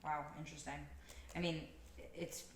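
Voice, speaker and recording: A woman's voice: sits low, level tone, normal speed, slight background noise. A young woman co-hosting a casual podcast as a law student, chatty and upbeat, with a lot of "like" in her speech. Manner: chatty, upbeat, heavy use of "like".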